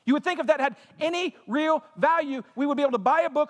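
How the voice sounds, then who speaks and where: A man's voice: extremely high pitch, quick pace. A man preaching a sermon as pastor, impassioned, with rhetorical questions and bits of humor. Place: church sanctuary. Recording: long church hall reverb.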